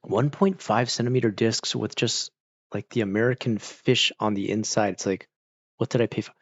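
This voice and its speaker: A man's voice: fairly low pitch, steady tone, moderate pace, no echo. Rambling, swearing man on a dull, dry mic. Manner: rambling, profane, full of "like" and restarts. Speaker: streamer chatting with viewers. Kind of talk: casual livestream chat. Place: at home on a couch with a pet nearby.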